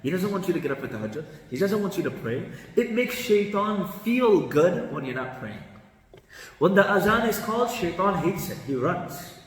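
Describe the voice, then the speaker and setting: A man, a mufti, giving a lively religious lesson, shifting his tone with the meaning and chanting Arabic passages quickly. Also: high-pitched. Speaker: mufti teaching Quran commentary. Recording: echoey hall from a distant mic.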